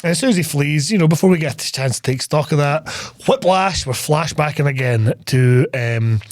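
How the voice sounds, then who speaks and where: A man's voice: on the high side, normal speed, no echo. A man co-hosting a podcast, retelling film scenes in casual, sweary chat. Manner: sweary, animated storytelling. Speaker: podcast co-host.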